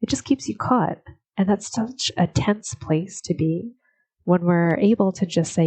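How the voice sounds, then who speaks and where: Low, mellow-voiced woman podcaster. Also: normal speed, low-quality recording. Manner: warm, gently encouraging, laughs often. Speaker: podcast host. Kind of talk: reflective solo podcast talk.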